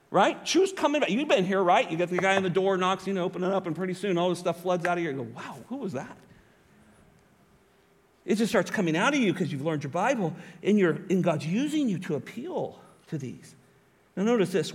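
Man, high voice, pleading pastor, sermon, church hall reverb. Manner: earnest, pleading, laughs often, animated emphasis.

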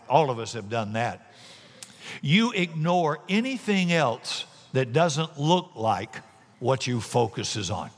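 A middle-aged male pastor preaching with a lively, swooping delivery, his voice a touch high for a man. He acts out the voices of people in Bible stories. The sound rings with a long reverb from a large church hall. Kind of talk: sermon.

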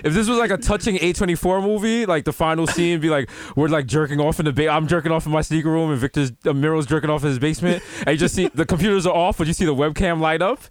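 A man's voice: on the high side, quick pace, few pauses, no echo. A man co-hosting a podcast in casual comedic chat, riffing and slipping into mock-posh bits. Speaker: podcast co-host.

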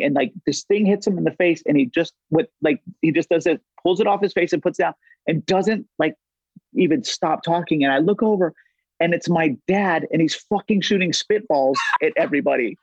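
A man's voice: fairly high pitch, fairly quick, no echo. A man in his forties, a podcast guest, telling loose, rambling stories with lots of "like" and free swearing. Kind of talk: casual storytelling chat. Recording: dull, dry lo-fi audio.

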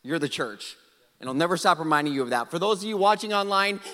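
A middle-aged man from South Dakota preaching a storytelling sermon, animated and self-mocking, acting out his own past lines. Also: a little high, fast, soft background music. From South Dakota, USA. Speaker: pastor. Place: large church auditorium. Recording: hall reverb.

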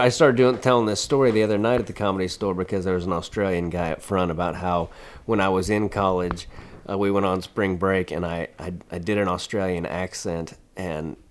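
A man, a stand-up comedian, telling loose stories in casual chat, laughing and swearing as he rambles. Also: low-pitched. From United States. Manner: rambling, laughing, swears often, many restarts.

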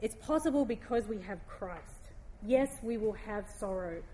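A woman giving a heartfelt devotional talk, reading scripture aloud slowly and gently. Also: mid-range voice, expressive, slight background noise.

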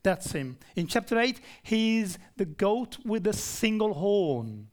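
Very animated yet taking his time, this high-pitched man preaches a Bible-study sermon in a conversational manner. Questions to the congregation come often, as do restarts.

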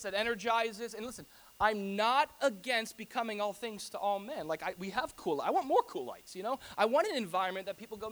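A man preaching a sermon to his church in a conversational, animated way, with humorous asides to the congregation. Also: sits high. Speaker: pastor.

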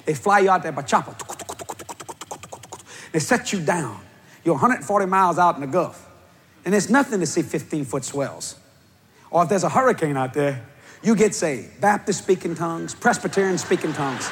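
A man with a Cajun accent preaching a comedic sermon, telling stories loudly and often breaking into shouts. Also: fairly high pitch. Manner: animated, loud storytelling with bursts of shouting. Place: church hall before a live audience.

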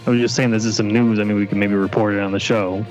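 A man's voice: on the low side, flat delivery, fast, a little mellow, lo-fi sound, soft background music. A man co-hosting a comedy podcast, hesitant and stumbling over his questions. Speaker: podcast co-host. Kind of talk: comedic banter.

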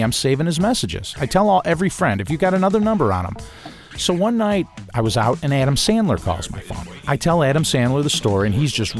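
A man telling a personal story in a casual, animated way, mimicking the voices of people he quotes and chuckling now and then. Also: fairly high pitch, fast, soft background music.

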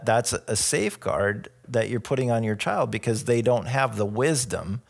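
A middle-aged man preaching a sermon as a pastor, telling light stories with soft laughs. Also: medium pitch, normal speed, gravelly. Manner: relaxed storytelling with jokes and soft laughs. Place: church.

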